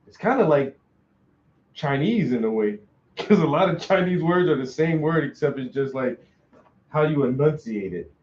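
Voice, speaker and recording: A man chats loosely while he paints, full of slang and jokes. His voice sits a little high. It sounds dull and lo-fi in a roomy, echoey space. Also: lively intonation, moderate pace, darkish tone. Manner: loose, joking, slangy storyteller. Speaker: painter hosting a long live stream. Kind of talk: casual chat while painting.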